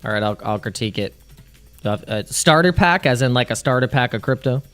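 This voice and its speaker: A man's voice: medium pitch, lively intonation, a little fast, fairly bright tone, clean tone, soft background music. A man hosting a casual crypto livestream, rambling, restarting his sentences and laughing at his own jokes.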